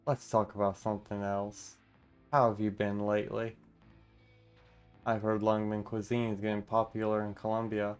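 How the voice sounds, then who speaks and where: A man reading every part of a game story aloud in a steady, mostly plain voice, breaking off now and then for casual asides. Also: on the low side, normal speed, clean tone, soft background music.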